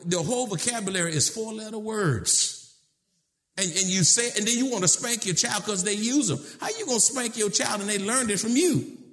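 A man preaching a sermon in a fairly high voice for a man. He drops low and slow to make his points, then climbs into shouted, emphatic questions. His phrasing is casual and direct, with words like "y'all". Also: lively intonation. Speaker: pastor.

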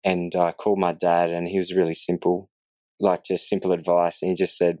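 Earnest man, low voice. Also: monotone, brisk, warm tone, no echo. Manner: earnest and reflective, laughs easily. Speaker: guest sharing his faith story. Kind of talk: casual testimony in conversation.

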